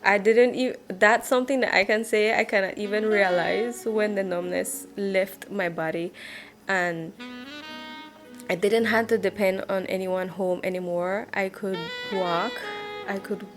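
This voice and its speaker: A woman's voice: medium pitch, fairly even intonation, measured pace, recorded from a distance, faint music behind, poor audio. Woman in her twenties giving testimony. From Belize. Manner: hesitant, many fillers and restarts. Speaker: church member giving testimony. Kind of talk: personal faith testimony.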